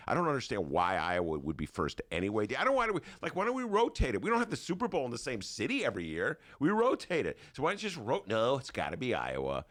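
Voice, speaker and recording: An older man, hosting a talk show, spins a comic monologue in a rough, gravelly voice. His pitch leaps up and down as he acts out the people in his stories. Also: fairly quick. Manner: animated storytelling with put-on voices. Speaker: podcast host. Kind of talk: casual comedic monologue.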